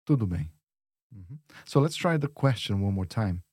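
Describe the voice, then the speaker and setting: Man, language teacher, mellow warm voice, patient, slow clear modelling. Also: on the low side, expressive, no room sound, clean studio sound. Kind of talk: podcast language lesson.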